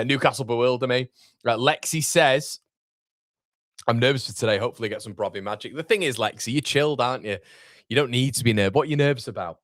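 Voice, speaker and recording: A man's voice: medium pitch, a bit bright, dry recording, studio quality. Chatty man hosting a football stream. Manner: chatty, informal, reads viewer comments aloud. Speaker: football watchalong host. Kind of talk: live-stream chat reading comments.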